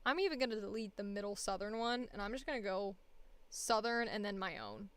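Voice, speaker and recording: A woman's voice: medium pitch, animated, brisk, a bit bright. A woman voice actor chatting casually and thinking aloud while she records an audition.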